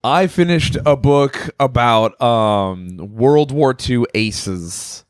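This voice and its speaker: Profane, animated young man chatting. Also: mid-range voice, very slow, smooth, dry recording, clean studio sound. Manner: profane, animated storytelling with acted-out quotes. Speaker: podcast co-host. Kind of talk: casual chat.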